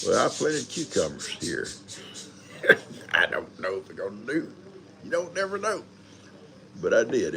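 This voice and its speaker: An older man hosts a live stream of casual chat, rambling in a folksy way and greeting viewers one at a time. His voice is low-pitched with vocal fry.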